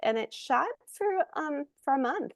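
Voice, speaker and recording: A middle-aged woman, an actress guest in a casual interview, telling lively stories and acting out quotes. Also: high voice, normal speed, no echo, studio quality. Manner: animated storyteller, acts out quotes.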